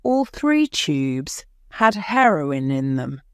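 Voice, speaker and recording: A woman's voice: low voice, big pitch swings, slow, clear, resonant tone, dry recording, full character voice. A woman voicing a nervous male airport policeman giving hesitant, polite answers in court. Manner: hesitant, deferential, adds "sir".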